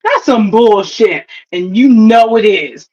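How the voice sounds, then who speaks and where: A woman's voice: fairly high pitch, expressive, takes it slowly, darkish tone, slightly rough, dull audio. A woman co-hosting a TV review in casual chat, emphatic and swearing a lot, acting out her reactions. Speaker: co-host of a TV review show.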